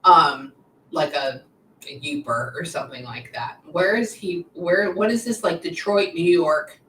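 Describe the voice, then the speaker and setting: A woman working as a psychic medium, talking casually and often pausing to say hang on. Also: deep voice, fairly bright tone. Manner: chatty, keeps pausing to say hang on. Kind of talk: casual spoken reading session. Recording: echoey room, mic at a distance, faint noise.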